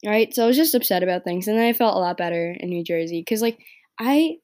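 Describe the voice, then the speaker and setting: A teenage girl from New York talking through her breakup on her own podcast, rambling and filling every pause with "like" and "right?". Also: mid-range voice, expressive, a little mellow. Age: teens. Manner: rambling, heavy use of "like" and "right?". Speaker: podcast host. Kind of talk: casual personal podcast monologue.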